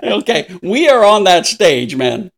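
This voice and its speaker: Casting: older man in his sixties, podcast co-host, upbeat and a bit high-pitched, laughs a lot, bouncy intonation. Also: big pitch swings, measured pace, vocal fry. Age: 60s. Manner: laughs often, acts out voices in anecdotes. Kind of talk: casual podcast chat.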